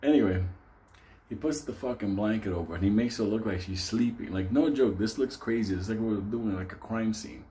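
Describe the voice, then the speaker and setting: A man telling a wild story in a casual, animated way, swearing constantly and laughing as he goes. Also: lowish voice, fairly quick. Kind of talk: casual profane anecdote telling.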